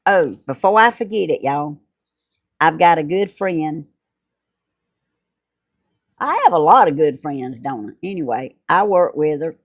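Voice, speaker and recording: A woman's voice: low-pitched, animated, a little slow, pauses often. A middle-aged woman hosting a home video, chatting casually and laughing often. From Georgia. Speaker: YouTube host. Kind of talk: casual chat.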